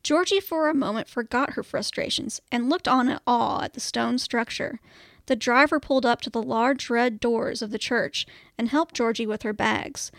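A woman podcast co-host reading a comic story aloud, animated and swearing casually. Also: fairly high pitch, moderate pace, gravelly, no echo, studio quality.

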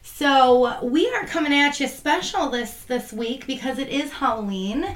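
A woman co-hosting a podcast in casual chat, her voice croaky and hoarse, talking in a bubbly, animated way. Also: high-pitched, measured pace, roomy sound. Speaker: podcast co-host.

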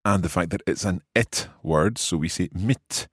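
A man co-hosting a Swedish language lesson podcast, relaxed, asking questions and practising phrases. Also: low voice, moderate pace, husky, dry recording, clean studio sound. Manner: relaxed, asks questions, laughs easily. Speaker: co-host learning Swedish.

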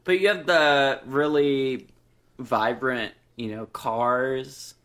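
Slow, bright-voiced podcast co-host man. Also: mid-range voice, fairly even intonation. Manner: unhurried, thoughtful, mild disagreement. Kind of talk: casual movie discussion.

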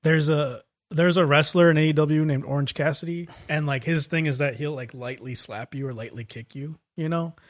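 A man's voice: on the high side, steady tone, normal speed, few pauses. A man hosting a casual comedy podcast, recapping an anime episode and acting out the characters' lines with swearing and laughter.

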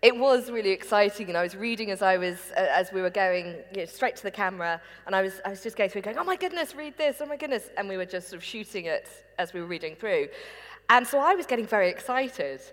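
A woman's voice: mid-range voice, fast, long reverb tail. A woman, a documentary presenter and academic, chatting casually and laughing as she tells behind-the-scenes stories. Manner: lively, laughing storyteller.

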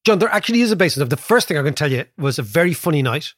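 A man talks economics on a podcast, spinning animated stories and checking in with the listener. His voice sits a bit high and sounds husky. The recording is close and dry. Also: very fast, dry recording. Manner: animated, storytelling, frequent tag "right?". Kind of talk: casual conversational podcast.

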